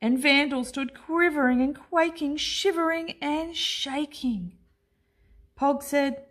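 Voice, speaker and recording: A woman teacher reading a children's picture book aloud in an expressive, unhurried way. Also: high voice. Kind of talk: storybook read-aloud.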